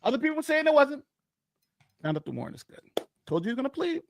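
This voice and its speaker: A man's voice: very high voice, sing-song, fast talker, dry recording. A man co-hosting a casual live stream, boastful and rambling, often repeating himself. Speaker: co-host.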